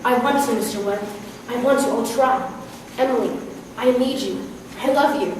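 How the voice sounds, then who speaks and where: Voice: mid-range voice, moderate pace, slight background noise, lightly acted. A stage actor playing a nervous young groom who anxiously pleads with his mother and vows to care for his bride. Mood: earnest. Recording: echoey hall taped from far off.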